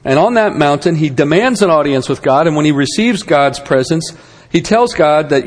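A man's voice: fairly high pitch, expressive, normal speed, big-room sound. A man giving a conversational Bible lesson, with rhetorical questions and wry asides. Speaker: Bible teacher.

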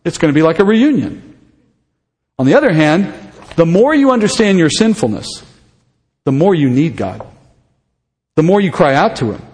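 A man's voice: on the high side, very animated, moderate pace, long pauses, darkish tone, long reverb tail. A man preaching an expository sermon, speaking conversationally and putting questions to his listeners. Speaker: pastor.

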